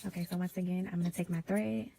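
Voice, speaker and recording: A woman hosting a casual sewing tutorial, chatty and drifting into quiet whispered asides as she works. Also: fairly low pitch, steady tone, fast talker, gravelly. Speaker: DIY sewing vlogger.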